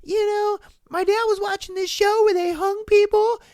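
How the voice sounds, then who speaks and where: A man voicing a careless neighborhood boy with a goofy, carefree drawl, pitched far above his own voice. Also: little pitch movement, normal speed, darkish tone, no room sound, clean studio sound. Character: dim-witted neighborhood boy, young and careless.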